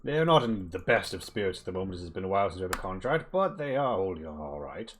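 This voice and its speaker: Gruff bugbear captain, voiced by a man, blunt, boastful, very deep voice. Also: big pitch swings, quick pace, a little hiss or hum. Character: large gruff male bugbear mercenary captain.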